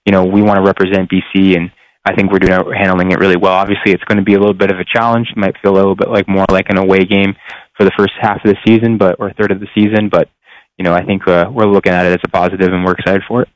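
A man's voice: low voice, level tone, rapid-fire, dry recording. A young adult man, a pro football player, answering radio interview questions earnestly while searching for words. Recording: dull lo-fi line.

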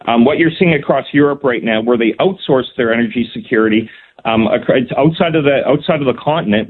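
Heard through a phone-line call-in connection, a provincial cabinet minister with a medium-pitched voice responds to radio interview questions. His answers come across as sincere and forceful, peppered with "um" and false starts.

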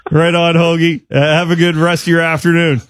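A man's voice: on the high side, monotone, fairly quick, dry recording. Male sports radio host, easygoing interviewer, dry close studio sound. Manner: laid-back, asks follow-ups, laughs easily.

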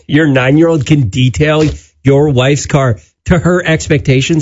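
A man's voice: a little high, unhurried, a little mellow, husky. A man co-hosting a morning radio show, making wry, teasing comments. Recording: dull radio studio sound.

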